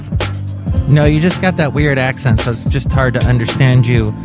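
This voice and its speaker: A man's voice: medium pitch, a little fast, over loud music. A man hosting a comedic solo podcast and riffing playfully on the day's stories. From California. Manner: jokey, playful delivery. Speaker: podcast host.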